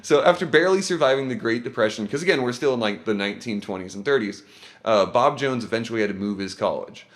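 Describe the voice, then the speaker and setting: A man's voice: mid-range voice, expressive, fast. A man hosting a casual podcast, telling a history story with a lot of swearing and laughter. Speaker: podcast host presenting research.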